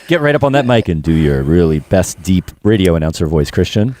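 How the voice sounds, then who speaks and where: A man's voice: low voice, animated, normal speed, darkish tone, no echo. A man hosting a casual livestream from a music school studio, upbeat and chatty, greeting viewers by name. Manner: upbeat, greets chat names one by one. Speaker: livestream host. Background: electronic music playing.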